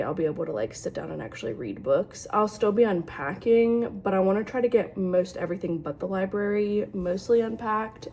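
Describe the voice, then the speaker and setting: A woman's voice: on the low side, vocal fry, mellow, a little hiss or hum. A young woman chatting casually to camera about books, full of fillers and likes. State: sleepy in the morning. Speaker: booktube vlogger. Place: home, later a dog park outdoors.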